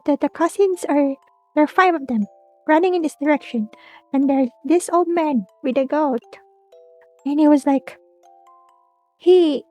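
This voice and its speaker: A woman tells a spooky tale in a loose, rambling way, circling back and restarting often. Her voice is high and light, and she talks at a slow, drawn-out pace. Faint music plays quietly behind her. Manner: rambling, with many restarts and giggles. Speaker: streamer. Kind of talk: casual spooky storytelling.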